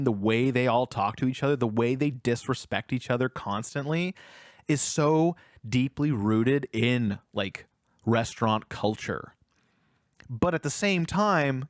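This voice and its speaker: A man's voice: medium pitch, no echo, studio quality. A man co-hosting a casual film review podcast, retelling scenes and acting out the characters' lines. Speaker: podcast co-host.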